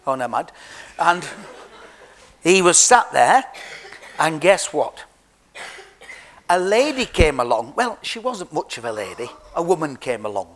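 A man's voice: fairly high pitch, big pitch swings, a little slow, pauses often, a bit bright. An Englishman telling a Bible story to children in a jokey, chatty way, talking straight to them. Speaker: preacher giving a children's talk.

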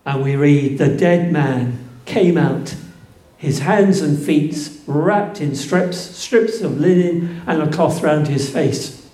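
A man preaching a sermon, slow and emphatic, building to fervent peaks. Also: on the high side, warm tone. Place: church. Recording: echoey church room.

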